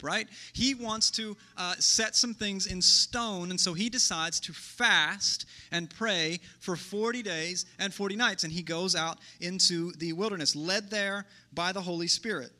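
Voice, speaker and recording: Male pastor, sermon, high and very bright voice, chatty and questioning. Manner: conversational, thinks aloud with rhetorical questions.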